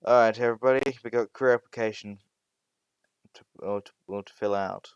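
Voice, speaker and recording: A jovial male schoolteacher booms joking announcements at his class, as a man puts him on. The voice is smooth and fairly low, close to the mic with a dry sound. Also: fairly even intonation, fairly quick, no room sound, dull audio, close to an everyday voice.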